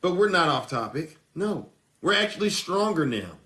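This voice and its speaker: A man's voice: on the high side, big pitch swings, normal speed, sharp tone. A man hosting a political livestream, talking with a fervent, preacher-like cadence. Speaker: livestream host.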